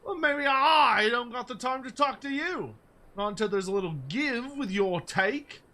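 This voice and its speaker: A man's voice: extremely high pitch, expressive, normal speed, sharp tone, pitched above the performer's own voice, full character voice. A man voicing a pushy, working-class male miner in a video game, putting on a British accent and dropping his consonants. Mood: stubborn. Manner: blunt, dropped consonants, bargaining.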